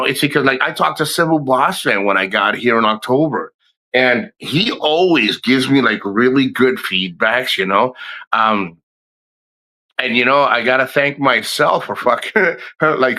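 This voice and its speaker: Animated rambling man in his fifties. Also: mid-range voice, rough recording. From United States. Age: 50s. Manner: rambling, profane, frequent restarts. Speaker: vlogger. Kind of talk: casual chat.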